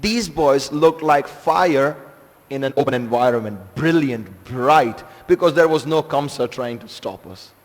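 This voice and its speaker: A man giving a scripture class to a seated audience in a temple hall, telling stories in an animated, emphatic way with some hesitant fillers. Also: medium pitch, measured pace. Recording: long reverb of a large hall.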